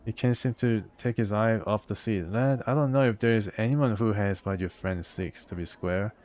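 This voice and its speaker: A man's voice: fairly low pitch, normal speed, darkish tone. A man casually playing through a video game, reading its text aloud and chatting about it. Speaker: gamer.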